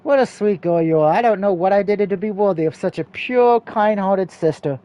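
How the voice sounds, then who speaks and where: A cheerful, caring young man reassures his little sister in a game's story, his voice high and mellow, as a man reads his lines. He speaks gently and fondly. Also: normal speed, smooth, lo-fi sound, natural voice. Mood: reassuring. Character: kind cheerful older brother, student.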